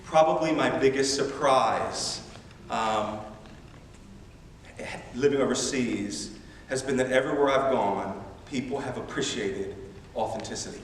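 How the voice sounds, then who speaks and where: Animated preacher in an echoey hall. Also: male voice, medium pitch, unhurried, recorded from a distance, slight background noise. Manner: animated, emphatic, self-deprecating humor. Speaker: missionary preacher. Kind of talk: sermon. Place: large church sanctuary. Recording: echoey church hall from afar.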